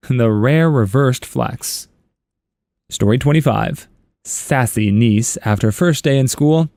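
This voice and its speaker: A middle-pitched man narrates a series of short internet stories, chuckling at times and adding wry little asides. He speaks slowly with vocal fry in a somewhat mellow voice, recorded on a close mic in a dry, dead space.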